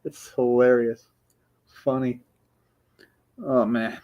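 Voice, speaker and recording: A man with a mid-pitched, very flat voice chats on a podcast. He is laid-back and hesitant, and often repeats himself as he starts a sentence again. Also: slow. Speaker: podcast co-host. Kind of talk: crude casual chat.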